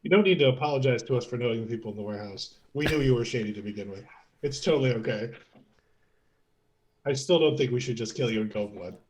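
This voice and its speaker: A man's voice: medium pitch, quick pace. Earnest young-sounding male tabletop player. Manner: earnest, protesting, laughing objections. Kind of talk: casual tabletop banter.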